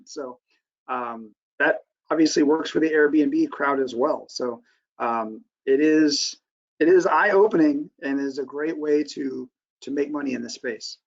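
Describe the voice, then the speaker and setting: A man speaking in a webinar discussion, casual and halting with restarts. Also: medium pitch, vocal fry. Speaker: director of lending. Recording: dull lo-fi webinar audio.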